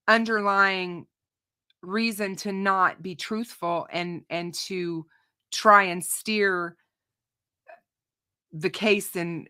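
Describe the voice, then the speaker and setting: Slow, bright-voiced woman hosting true crime. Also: mid-range voice, clear, resonant tone. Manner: opinionated, frequent restarts and repeated words. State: voice starting to go, clearing her throat. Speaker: true crime channel host. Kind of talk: unscripted commentary to a live audience.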